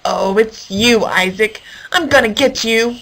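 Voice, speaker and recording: A woman voicing a big, slow, lonely male hippo in a children's story, speaking slowly. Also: fairly high pitch, a bit bright, rough recording. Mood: grumpy.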